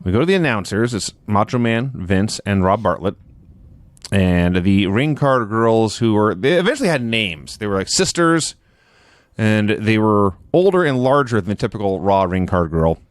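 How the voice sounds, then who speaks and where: Wry man with a lively middle voice. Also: on the low side, normal speed, no echo. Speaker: podcast co-host. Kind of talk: casual chat recapping wrestling.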